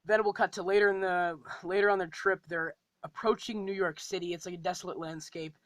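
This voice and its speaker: A man's voice: high voice, steady tone, a little fast, a bit bright, dry recording, rough recording. A man casually running through a fan series plot and casting call, rambling with frequent ums and restarts.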